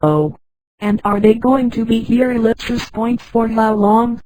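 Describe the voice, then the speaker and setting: A computer-voiced woman reading the lines of a wary young woman, in a flat delivery. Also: a little high, unhurried, no room sound, natural voice, low-quality recording.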